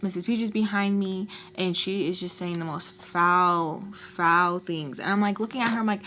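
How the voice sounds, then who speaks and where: Young woman, casual storytime vlogger, animated chatty delivery, mid pitch, light background hiss. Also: normal speed. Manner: chatty, animated, frequent "like" and "y'all". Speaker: vlogger telling a storytime while doing makeup.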